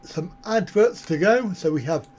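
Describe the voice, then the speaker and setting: A man hosts a casual live stream for his viewers, wandering from topic to topic with an easy, joking manner. His voice sits a little high for a man, and he takes his time getting the words out. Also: animated, a little slow, darkish tone. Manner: jokey, rambling, easygoing. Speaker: travel vlogger hosting a live stream.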